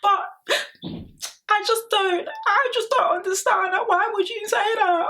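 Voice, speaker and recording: A woman's voice: bright, forceful tone, full character voice. A woman mimicking a whiny, tearful young woman. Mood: mocking whine. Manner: high, drawn-out mocking whine.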